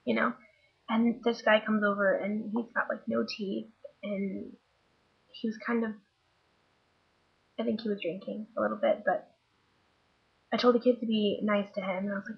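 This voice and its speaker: A woman's voice: medium pitch, steady tone, normal speed, creaky, dull audio. A woman working as a nanny, chatting wryly in a vlog about her day, worn out and tired. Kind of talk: casual vlog storytelling.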